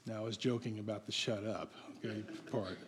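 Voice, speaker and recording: A man's voice: on the low side, steady tone, a little fast, noisy background. A man preaching a sermon in a conversational, playful way, asking his congregation questions. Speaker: pastor. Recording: long hall reverb.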